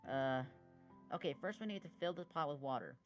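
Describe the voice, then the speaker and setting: A voice actor playing a bossy, encouraging, bold big sister in an animated series, with a lively voice on a dull, lo-fi recording. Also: medium pitch, brisk, faint music behind, natural voice. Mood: upbeat. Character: cheerful can-do big sister, a child. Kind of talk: animated web series voice acting.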